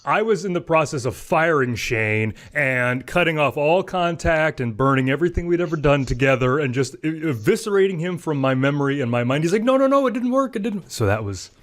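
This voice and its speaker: A man's voice: a little high, lively intonation, fairly quick, few pauses, fairly bright tone. A man hosting a tech podcast, chatting casually in a joking, self-mocking way with plenty of fillers. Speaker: podcast host.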